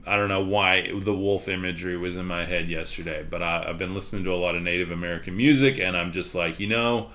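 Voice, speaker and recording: A man's voice: low voice, pushed and bright. A man with a Texas accent hosting a podcast livestream, chatting candidly and rambling, with plenty of fillers. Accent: Texan. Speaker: podcast host. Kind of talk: casual livestream chat.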